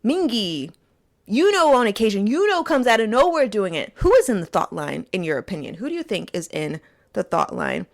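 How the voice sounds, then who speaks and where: A woman hosts a casual fan commentary monologue, speaking straight to her listeners in a playful, animated way. Her pitch swings up and down with plenty of life. She records from a small closet. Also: moderate pace, gravelly. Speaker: host.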